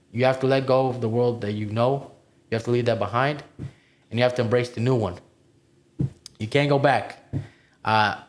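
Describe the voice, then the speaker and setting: A man who came to the United States as an immigrant kid tells his own story as a podcast cohost, in an emphatic, motivational way, swearing and calling listeners "bro.". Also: mid-range voice. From immigrated to the United States as a child. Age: adult, past twenty-one. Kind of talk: candid personal story on a podcast.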